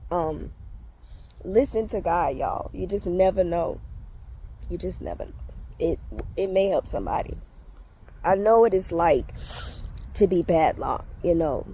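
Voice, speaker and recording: A woman's voice: lowish voice, animated, a little slow, long pauses, mellow, slight background noise. A woman vlogging outdoors on her phone, tearful and laughing as she tells a story with lots of fillers. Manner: emotional, laughing, fillers like "you know". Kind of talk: casual storytelling to camera. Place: outdoors walking on lunch break.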